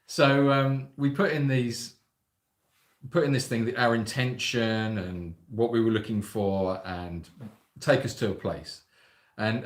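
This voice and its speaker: A man's voice: medium pitch, fairly bright tone, reverberant. A man co-hosting a casual livestream, telling stories with a joking, rambling manner. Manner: jokey storyteller, slips into silly put-on voices. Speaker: sanctuary co-host on a livestream.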